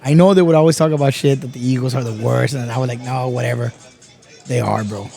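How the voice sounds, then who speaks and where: A man from Texas, a podcast guest, telling stories in a casual, animated way, swearing often and calling everyone bro. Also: medium pitch, fast talker, gravelly, soft background music. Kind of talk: casual chat.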